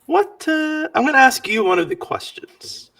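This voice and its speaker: A man running a tabletop game as game master, talking in an animated, halting way with many fillers. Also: very high-pitched, creaky, no room sound, distant mic.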